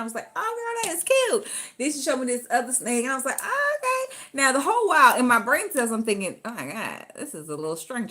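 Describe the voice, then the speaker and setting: A woman, telling a story casually and dramatically. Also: a little high. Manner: animated, dramatic, acts out voices in her story. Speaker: storyteller vlogger.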